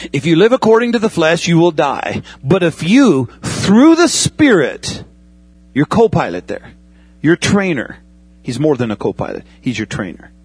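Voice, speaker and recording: A man with a raised, slightly husky voice delivers a sermon in an easygoing, talk-to-you manner. He keeps checking in with his listeners as he goes. The sound is dry and close, with little room around it. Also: on the high side, no room sound. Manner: conversational preaching with pilot analogies and asides. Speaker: pastor.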